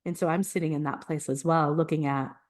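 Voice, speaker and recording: A woman's voice: sits low, brisk. A woman co-hosting a podcast, talking in a casual, earnest way and laughing often as she shares personal stories. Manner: animated storyteller, laughs often, earnest and emotional. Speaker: podcast co-host. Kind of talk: casual conversational podcast chat.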